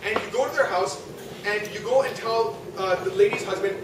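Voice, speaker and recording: High-voiced young man lecturing in a hall. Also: brisk. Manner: conversational, asks the audience, frequent rhetorical "right?". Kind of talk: religious youth talk. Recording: echoey hall from far off, noisy.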